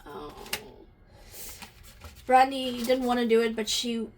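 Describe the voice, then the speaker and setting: A woman with a fairly high voice runs an intuitive energy reading for her viewers, thinking out loud and posing question after question. She talks to them directly and is quickly stirred to emotion. A faint hiss sits under her voice. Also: flat delivery. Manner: questioning, musing aloud, easily moved to emotion. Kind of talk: channelled reading to camera.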